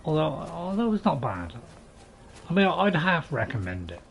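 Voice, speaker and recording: A man gives relaxed gameplay commentary. His voice sits a little high, and his delivery is chatty and full of hesitations and dry, self-mocking jokes. A faint hiss runs under the recording. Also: moderate pace, creaky. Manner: hesitant, with many fillers and restarts. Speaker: gaming channel host.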